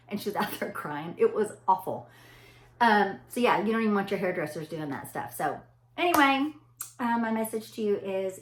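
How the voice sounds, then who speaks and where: A middle-aged woman, a chatty storyteller talking straight to her listeners in a casual motivational talk. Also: on the low side. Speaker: anesthesia provider. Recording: echoey room.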